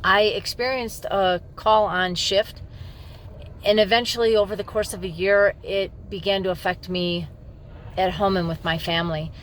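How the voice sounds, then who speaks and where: A middle-aged policewoman speaking straight to the camera in a candid, emphatic tone. Her voice sits at an ordinary mid pitch, and she tells her personal story plainly and frankly. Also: fairly even intonation, moderate pace, a little hiss or hum. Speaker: police officer and supervisor.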